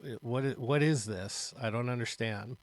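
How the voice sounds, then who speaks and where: A middle-aged man co-hosting a podcast, talking in a relaxed, wry, casual way. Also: medium pitch, moderate pace. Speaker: podcast co-host. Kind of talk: casual chat.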